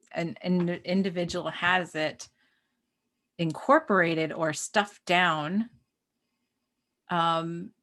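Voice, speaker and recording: A woman co-hosting a spiritual talk show, speaking in a relaxed, rambling way and often checking in with "right?". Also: on the low side. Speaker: podcast co-host. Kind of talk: spiritual conversation.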